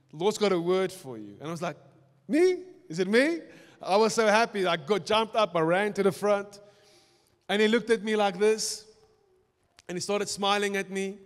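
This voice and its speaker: A young South African man preaching a sermon, telling his own story in an animated way that swings between loud and soft. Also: sits high. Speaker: pastor. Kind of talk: sermon with personal testimony. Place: church auditorium. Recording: reverberant church hall.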